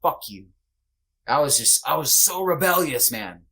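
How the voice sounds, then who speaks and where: A man's voice: fairly high pitch, expressive, normal speed, bright, forceful tone. A man guest on a podcast, candidly telling a personal story in a loose, conversational way, blunt and sometimes swearing. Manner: loose and conversational, with many fillers.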